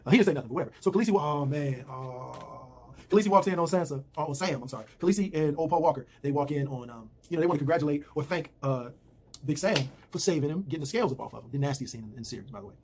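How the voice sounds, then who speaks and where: A man's voice: on the high side, animated, very fast, darkish tone, slight background noise. A man giving a slangy, rambling casual recap of a TV episode from home. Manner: slangy, rambling retelling with fillers.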